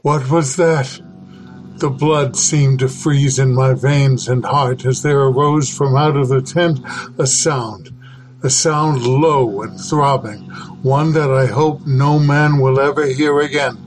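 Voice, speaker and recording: Man, scripted horror narration, mid pitch, measured and dramatic. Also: steady tone, a little hiss or hum. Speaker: podcast host and reader.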